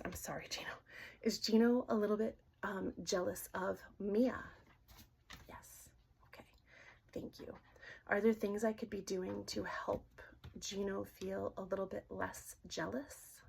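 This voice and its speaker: A middle-aged woman gently asking questions aloud in a casual session, hesitant and often dropping to a whisper. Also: mid-range voice, creaky, a little hiss or hum. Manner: soft-spoken, halting, often drops to a whisper. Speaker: dowsing-rod reader.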